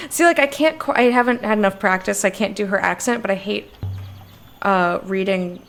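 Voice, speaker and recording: American woman, casual gamer talking through a game, mid pitch, soft music bed. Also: normal speed. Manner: chatty, reads game text aloud. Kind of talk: casual let's-play commentary.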